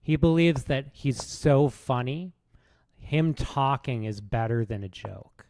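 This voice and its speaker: Slow, gravelly man roasting between chess moves. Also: medium pitch, darkish tone, slight background noise. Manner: rude, rambling roast with many restarts. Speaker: chess streamer. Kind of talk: casual streaming commentary while playing.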